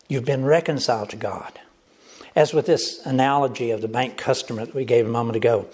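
A man's voice: mid-range voice, normal speed, a little mellow. A male pastor preaching a sermon, emphatic and repetitive, speaking directly to the congregation.

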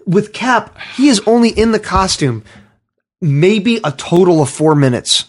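A man hosting a casual podcast chat, excitable and swearing freely as he talks over his guest. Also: high-pitched, unhurried. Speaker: podcast host.

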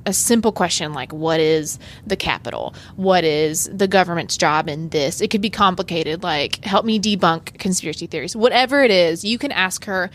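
A woman's voice: lowish voice, moderate pace, hardly any pauses. Earnest chatty woman on a podcast. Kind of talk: casual chat.

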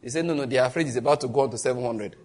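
This man, a pastor with a Nigerian accent and a medium-pitched voice, delivers a sermon full of lively stories. Quick asides and bursts of laughter punctuate his preaching.

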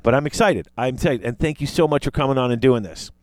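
In a casual podcast conversation, this male host speaks fast in a mid-range voice, wandering off on tangents and fixing his own words along the way, all in an animated manner. There's no echo.

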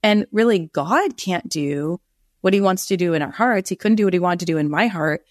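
Earnest low-voiced woman, dry sound. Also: normal speed, no echo. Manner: earnest, rambling, self-correcting. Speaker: guest author. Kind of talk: candid podcast interview.

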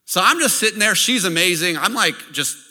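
A man preaching from the pulpit, his voice high-pitched and piercingly bright. His delivery swings up and down as he tells stories and checks in with the congregation. A long reverb tail trails off in the large hall. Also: a little fast. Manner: lively storytelling, checks in with the audience. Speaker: pastor. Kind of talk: sermon.

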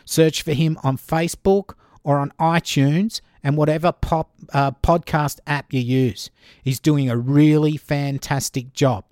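Slow-talking man, podcast host. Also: on the high side, steady tone, a little mellow, no room sound, studio quality. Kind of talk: casual podcast chat.

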